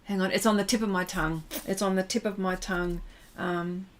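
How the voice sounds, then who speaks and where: A woman teaching a livestream painting demonstration, chatting with viewers as she works and pausing often to find her words. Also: mid-range voice, flat delivery. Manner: chatty, reads and answers viewer comments while working; halting, many fillers and restarts. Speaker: art instructor.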